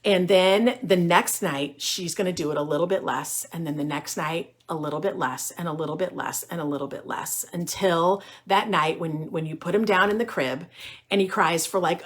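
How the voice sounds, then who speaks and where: A middle-aged woman speaks as a pediatrician giving friendly parenting advice. Her voice sits on the low side for a woman. She is candid and reassuring, and her talk is loose and chatty, with frequent ums and restarts. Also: slightly rough.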